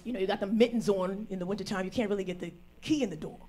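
A woman performing a brash stand-up comedy set live, working the crowd with animated storytelling. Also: mid-range voice, very fast. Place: live venue before an audience. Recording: faint crowd noise. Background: audience laughter.

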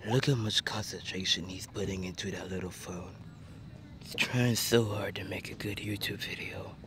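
A man's voice: deep voice, fairly even intonation, normal speed, background noise. A man vlogging casually from a car, talking into a handheld phone with playful, teasing banter. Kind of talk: casual vlog chat.

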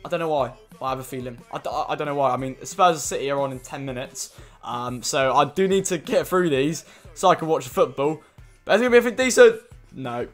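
A young man giving excited commentary while opening packs in a football video game, full of loud, laughing outbursts. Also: on the high side, brisk, soft background music. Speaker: gaming YouTuber.

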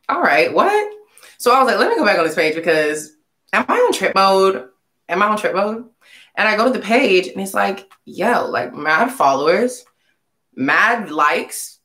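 A young woman telling a casual storytime vlog, animated and slangy, acting out the voices of people in her story. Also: mid-range voice. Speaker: singer vlogging a story. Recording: echoey room.

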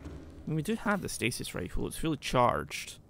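A man commentating his game play, excitable, talking to the creatures and shouting when he panics. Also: mid-range voice, normal speed, vocal fry. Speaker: gaming YouTuber.

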